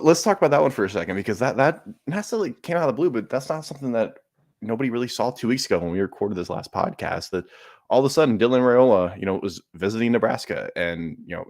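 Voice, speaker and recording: A man's voice: lowish voice, creaky. A man co-hosting a sports podcast, talking casually and running through rankings matter-of-factly. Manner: steady, lists stats and rankings matter-of-factly. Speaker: podcast co-host.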